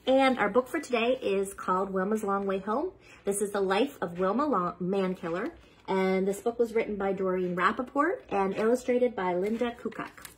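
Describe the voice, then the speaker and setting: A woman's voice: mid-range voice, moderate pace, slightly rough, rough recording. A woman hosting a children's read-aloud, reading a picture book steadily and stopping now and then to sound out unfamiliar words.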